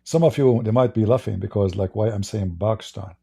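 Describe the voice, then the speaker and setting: Arab-accented male debater, gravelly and husky, sarcastic, repeats himself, stumbles into restarts. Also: on the low side, fairly quick, dark tone. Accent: Arabic. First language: Arabic. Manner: sarcastic, repetitive, stammering restarts. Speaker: online religious debater. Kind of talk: addressing viewers in a stream.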